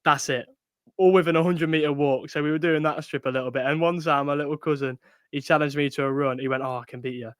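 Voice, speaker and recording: Smooth-voiced young man, upbeat chat. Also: fairly high pitch, fairly even intonation, quick pace, dry recording, studio quality. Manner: upbeat, calls listener mate and brother. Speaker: podcast co-host. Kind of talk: casual chat.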